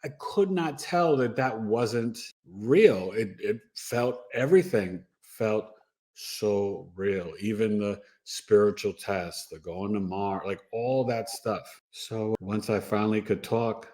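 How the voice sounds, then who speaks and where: A man's voice: lowish voice, slow, mellow. A man from New York, a guest recounting his own experience in an earnest, emotional way with frequent restarts. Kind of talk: personal storytelling.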